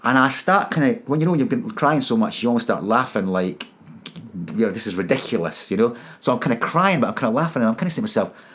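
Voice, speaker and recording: A man's voice: mid-range voice, lively intonation, fast, fairly bright tone. A man telling his personal story in an interview, earnest and emotional, often stopping to repeat and restart his words. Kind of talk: personal testimony.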